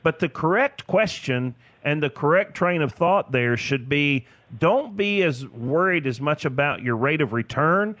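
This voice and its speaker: A man's voice: on the high side, lively intonation, unhurried, hardly any pauses, a bit bright, no room sound. A man, chatting enthusiastically as a financial advisor guest on a radio show. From Tennessee, US. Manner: enthusiastic, laughs often. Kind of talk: casual radio chat.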